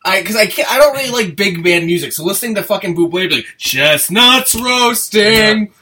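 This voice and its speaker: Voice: mid-range voice, racing, far from the mic. A podcast co-host in a casual movie review chat, teasing the other host and breaking into sung snippets. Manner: teasing, sings snippets, lively delivery.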